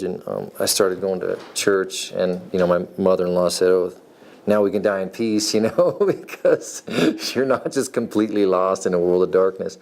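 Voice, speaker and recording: Low gravelly man from Nevada. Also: a little mellow. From Nevada, USA. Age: 40s. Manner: rambling, laid-back, meandering. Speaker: reality show applicant, farrier. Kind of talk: casual personal storytelling.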